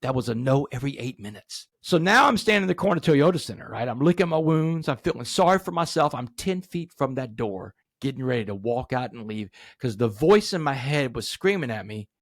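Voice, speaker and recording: A man in his forties, a podcast guest, telling his story emphatically and rising to animated peaks. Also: medium pitch, brisk, few pauses, no room sound, clean studio sound. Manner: addresses host directly, asks rhetorical questions. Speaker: podcast guest, motivational speaker.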